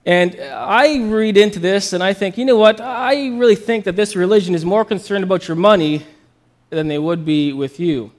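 High-voiced man preaching a sermon. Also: moderate pace. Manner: conversational, upbeat, with fillers. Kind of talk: sermon storytelling.

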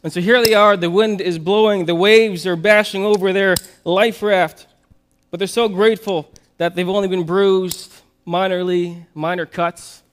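A preacher telling an animated story in his sermon, often repeating words as he goes. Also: high voice, normal speed.

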